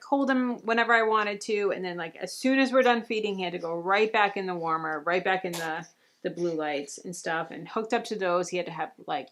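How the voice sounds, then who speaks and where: A woman's voice: lowish voice, bright, forceful tone. A young woman telling her birth story casually, rambling with lots of filler words and restarts. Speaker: mom vlogger.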